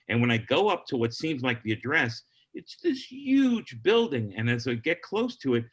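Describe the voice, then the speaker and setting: A man's voice: medium pitch, a bit bright. A middle-aged man, a comedian on a podcast telling a long story and acting out the people in it.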